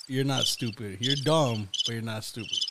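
A man's voice: mid-range voice, normal speed, very noisy. A man hosting a podcast, chatting casually, teasing his guest and swearing often. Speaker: podcast host. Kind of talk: casual chat.

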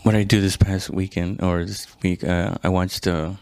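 Profane rambling man, low and dry. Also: little pitch movement, normal speed, a little mellow, no echo. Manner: profane, rambling, restarts and self-corrections; laid-back, addresses listener as "dude". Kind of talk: casual comedic monologue.

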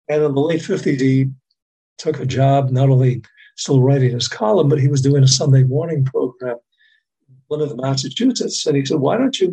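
A man's voice: a little high, darkish tone, husky, poor audio. An older man from the Boston area, a radio veteran telling long rambling stories as a podcast guest. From Boston area, USA. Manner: rambling anecdotal storytelling with laughs. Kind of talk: casual storytelling.

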